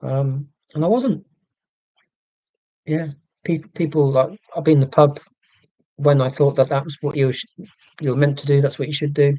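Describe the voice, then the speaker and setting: Mellow rambling man in his forties. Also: on the high side, steady tone, normal speed, long pauses, no room sound, dull audio. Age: 40s. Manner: rambling, self-deprecating, full of restarts. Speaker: live-stream host. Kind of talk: casual live-stream chat. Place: indoors at home. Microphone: laptop microphone.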